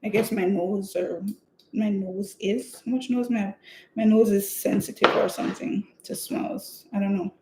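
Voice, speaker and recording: A woman's voice: medium pitch, steady tone, unhurried. Chatty woman baking in an echoey kitchen. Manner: chatty, rambling storyteller with laughs. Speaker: home cook vlogger. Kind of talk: casual live-stream chat while baking. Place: home kitchen. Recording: echoey room, faint noise.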